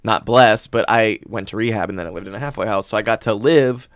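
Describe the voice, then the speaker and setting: A man's voice: lowish voice, brisk, clean tone, no room sound, studio quality. A man hosting a podcast, telling stories in a loose, profane, laid-back way. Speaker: podcast host. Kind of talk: casual podcast chat.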